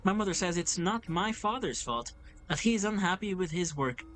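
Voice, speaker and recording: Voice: mid-range voice, expressive, normal speed, fairly bright tone, faint music behind, lightly acted. A gamer reading as a worried teenage girl. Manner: anxious, pleading. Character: teenage girl worried about her family. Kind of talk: reading game dialogue aloud.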